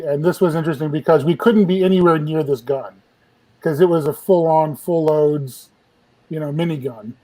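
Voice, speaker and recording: A man's voice: fairly high pitch, rough recording. A man, a film still photographer, telling behind-the-scenes stories in a casual group chat and acting out what people said. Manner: animated storyteller, acts out quotes.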